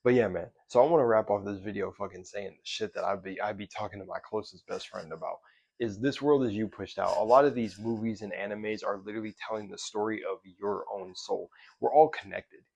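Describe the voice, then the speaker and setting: This man vlogs in a casual, motivational way, swearing freely and restarting his sentences as the thoughts come. His voice sits low with a gravelly fry. The recording is dry and close. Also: steady tone, fairly quick, darkish tone, no room sound. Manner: loose, profane, rambling with restarts. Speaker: self-development vlogger. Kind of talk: casual motivational talk to camera.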